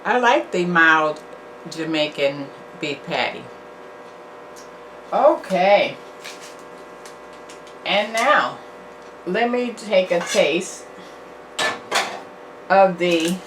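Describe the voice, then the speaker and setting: A woman's voice: fairly low pitch, big pitch swings, extremely slow, long pauses, a bit bright, a little hiss or hum. An older woman hosting a casual food review vlog, chatty and encouraging, sometimes preachy and repetitive. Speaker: channel host, food reviewer.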